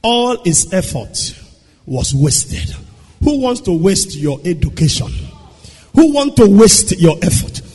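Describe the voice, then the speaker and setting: A man preaching a sermon, swinging between hushed storytelling and shouted declarations. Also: sits high, big pitch swings, slow, husky. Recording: long echo of a large hall.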